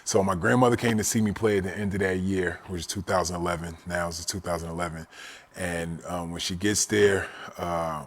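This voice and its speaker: A man in his forties, a guest telling a personal story in a casual, animated way. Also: sits low, brisk. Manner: animated storyteller, often says "you know what I'm saying".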